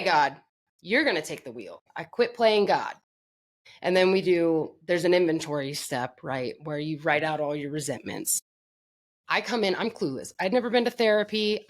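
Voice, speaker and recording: A woman from Florida, a podcast guest telling her own story in a candid, blunt and profane way, mocking herself. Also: on the low side.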